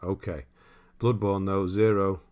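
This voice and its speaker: A young man hosting a casual gaming livestream, working through viewer comments in a relaxed, rambling way. His voice sits low, and he breaks into laughter often as he chats. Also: a little slow. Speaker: streamer host.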